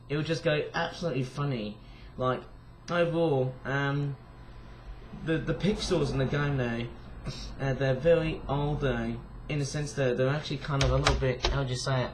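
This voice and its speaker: A tired young man with a croaky voice, rambling casually through a vlog with lots of fillers and restarts. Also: medium pitch, a little hiss or hum. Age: young adult. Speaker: vlogger.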